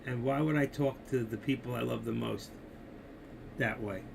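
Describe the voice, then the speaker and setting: Older man, gravelly voice, rambling live-stream talk, opinionated, faint background hiss. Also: medium pitch, fairly even intonation, moderate pace. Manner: rambling, opinionated, talks to viewers directly. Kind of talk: casual live-stream chat about markets.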